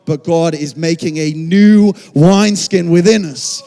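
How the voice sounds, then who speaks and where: A man's voice: a little high, unhurried, dark tone. A male pastor giving a passionate, conversational sermon, often restarting his phrases. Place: church auditorium. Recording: reverberant church hall.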